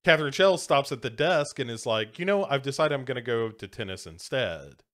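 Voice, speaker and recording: A man co-hosting a film podcast, patiently summarizing a movie's plot. He speaks in loose, halting phrases full of fillers, at an ordinary middle pitch. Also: animated, a bit bright. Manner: methodical plot recap, hesitant fillers and restarts. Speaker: podcast co-host. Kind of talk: casual movie chat.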